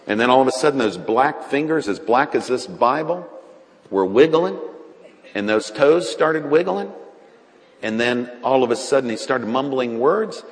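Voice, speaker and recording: A man, a doctor, telling a faith story on a talk show, acting out quotes in an animated way. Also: mid-range voice, normal speed, in a large hall. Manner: animated storyteller, acts out quotes, laughs often. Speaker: doctor and guest.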